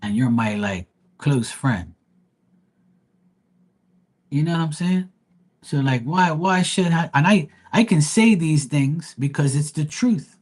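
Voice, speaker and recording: A man's voice: fairly high pitch, animated, takes it slowly, pauses often, a little mellow, breathy edge. A man reading tarot live, telling a story in a blunt, heated rant and cursing freely. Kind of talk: ranting livestream monologue.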